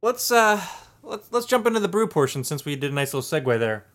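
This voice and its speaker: A man's voice: on the high side, sing-song, fast, a bit bright. A man co-hosting a casual beer podcast, jokey and playful in his chat. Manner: jokey, playful, reads labels aloud. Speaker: podcast co-host.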